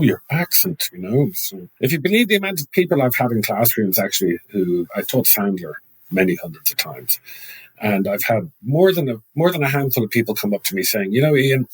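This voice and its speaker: A man in his fifties with an Irish accent, a podcast guest telling lively stories with frequent restarts. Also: medium pitch, husky, dry recording, poor audio. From Ireland. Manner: animated anecdotal talk with frequent restarts. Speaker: guest, sales trainer. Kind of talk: podcast interview, storytelling.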